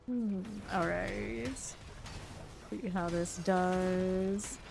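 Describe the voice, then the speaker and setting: A woman from the Southern United States, with a mild Southern American accent, streams a game and chats casually with viewers, often teasing and laughing as she plays. Her voice is lowish and creaky with a steady tone, she speaks very slowly, and there's background noise. It's casual gameplay commentary.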